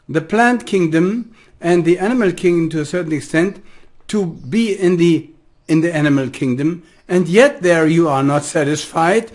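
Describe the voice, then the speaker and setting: Animated, unhurried German-accented man. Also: high voice. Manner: animated, laughs often, swings from soft asides to loud declarations. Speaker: spiritual teacher. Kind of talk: rambling spiritual monologue.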